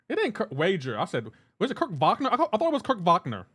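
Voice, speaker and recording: A man's voice: high-pitched, huge pitch swings, fast, a bit bright, slightly rough. A man streaming a game live, chatting casually, reading and answering chat aloud in a joking, teasing way.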